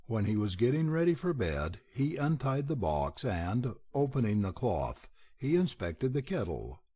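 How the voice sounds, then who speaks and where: A man narrating a children's folk tale with expressive storytelling. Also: medium pitch, unhurried, slightly rough. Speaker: audiobook reader.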